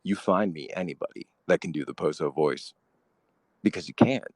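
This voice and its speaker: A man hosting a comedic podcast, speaking in a pompous, drawn-out, grandiose way. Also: low voice, a little mellow, no echo. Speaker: podcast host.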